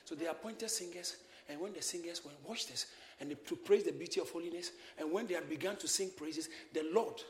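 A man preaching a sermon, shouting and exhorting his congregation in call-and-response. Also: fairly high pitch, a little fast, hardly any pauses. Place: church hall with congregation. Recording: echoey church hall, crowd behind.

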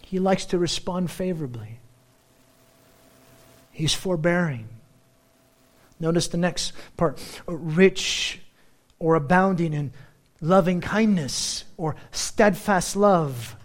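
A man with a high-pitched voice delivers a sermon. He slows right down to lean on key words, then rushes through quick, animated asides. He sounds middle-aged. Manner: animated, shifts between slow emphatic phrasing and quick asides. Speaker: pastor.

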